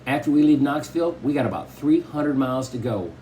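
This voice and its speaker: A man's voice: medium pitch, animated, brisk, dark tone, slight background noise, lightly acted, poor audio. A man voicing a careful mother who explains a trip plan step by step. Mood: planning. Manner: matter-of-fact, explaining step by step.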